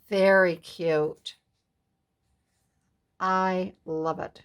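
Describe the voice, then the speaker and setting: A woman from the USA hosting a casual craft flip-through, softly gushing over each page. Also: low-pitched, little pitch movement, extremely slow, pauses often. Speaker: craft vlogger.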